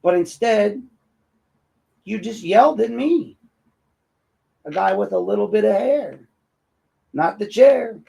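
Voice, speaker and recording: A man's voice: high voice, lively intonation, takes it slowly, creaky, pauses often, mellow, low-quality recording. A man hosting his own show, ranting in a combative and mocking commentary. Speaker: host and local activist.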